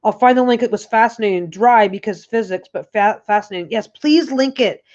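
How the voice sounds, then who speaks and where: A woman's voice: medium pitch, a little fast, darkish tone. A woman hosting a casual livestream chat from her couch at home, rambling and restarting her sentences often. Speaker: host. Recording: dull lo-fi recording.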